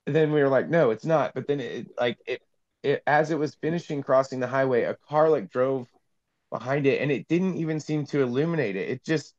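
A man's voice: medium pitch, a little fast, a little mellow, dull audio. A young man telling a story in a casual, rambling way full of fillers, heard over a video call. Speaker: panel guest.

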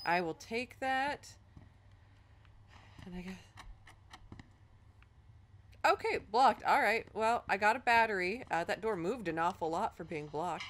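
A young woman casually commenting on a horror game, muttering to herself and breaking into loud panicked outbursts. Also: mid-range voice. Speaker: let's play host. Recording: noisy game audio behind the voice.

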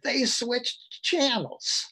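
A man's voice: extremely high pitch, steady tone, very slow, pushed and bright, husky. A man in his sixties giving a lecture over a video call, reading passages aloud from a book with wry asides to his listeners.

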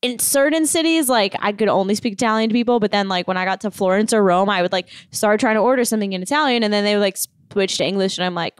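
A woman co-hosting a podcast, chatting playfully with quick asides. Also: medium pitch, clear, resonant tone, no echo, studio quality. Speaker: podcast co-host. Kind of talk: casual podcast chat.

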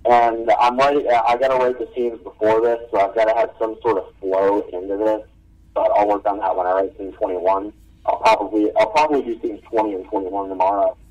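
A male podcast co-host and writer with a mid-range voice. He chats offhandedly at a quick clip and sits a little away from the microphone. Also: fairly low pitch, fairly even intonation, a little mellow, distant mic, muffled recording. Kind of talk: casual chat.

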